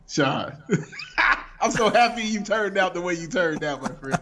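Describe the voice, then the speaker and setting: A man chatting casually on a podcast, animated and slangy, often breaking into laughter. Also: high-pitched, fairly quick, a little hiss or hum. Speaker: podcast guest.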